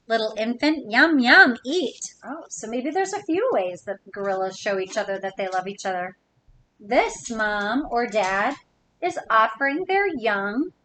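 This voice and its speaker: A woman's voice: on the high side, fairly bright tone, slight background noise, rough recording. Woman reading a picture book to kids. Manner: playful, asks children questions. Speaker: children's story reader.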